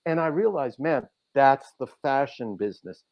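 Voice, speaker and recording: A man, a podcast guest and author, telling stories in a casual way and acting out quotes with big swings in pitch. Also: animated, normal speed, dull audio. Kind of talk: casual storytelling.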